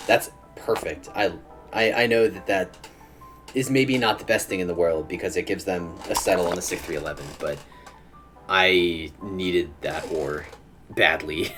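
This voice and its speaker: Young man, deep voice, casual game-stream commentary, mutters and chuckles, faint music behind. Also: brisk. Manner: mutters to himself, chuckles often. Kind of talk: casual live gameplay commentary.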